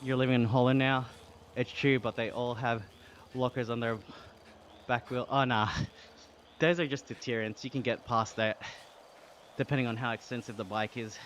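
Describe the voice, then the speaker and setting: Speaking in a medium-pitched, fairly even voice at a moderate pace, an Australian man pauses often while cycling on an indoor trainer. Live-streaming, he reads chat and thanks viewers, breathy from exertion; his tone is a bit bright over slight background noise.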